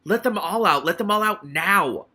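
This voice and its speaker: A man's voice: mid-range voice, moderate pace, bright, forceful tone. A man voicing a furious old male rat leader who screams and hisses threats, in an audiobook reading. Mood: enraged.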